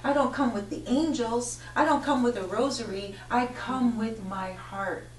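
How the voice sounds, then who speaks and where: Woman life coach, chatty and animated, slightly high voice, recorded from a distance in an echoey room with a faint hum. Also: normal speed. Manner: animated storyteller, frequent self-corrections. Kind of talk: informal spiritual talk to a live audience.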